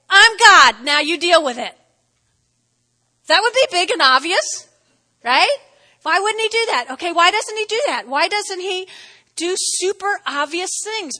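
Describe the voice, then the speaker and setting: A woman pastor preaching with a high, bright voice that rings through a large hall with a long echo. She is playful and exclamatory, tossing in chatty asides. It sounds like a lively church sermon.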